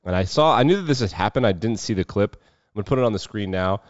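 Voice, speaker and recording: Deep-voiced man, wry sports host. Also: animated, fast talker, no room sound, lo-fi sound. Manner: off-the-cuff, wry and sardonic. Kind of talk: casual sports commentary.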